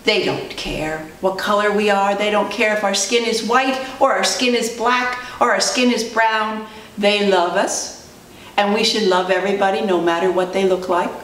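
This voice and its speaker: A female preschool teacher telling a story to children in an animated way, asking them questions as she goes. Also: mid-range voice. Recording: roomy distant recording, faint noise.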